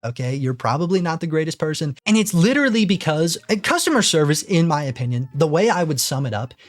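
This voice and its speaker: A man's voice: on the high side, sing-song, fast. A young man ranting casually to camera, exasperated and swearing freely, repeating himself as he gets worked up. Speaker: YouTuber. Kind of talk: ranting commentary.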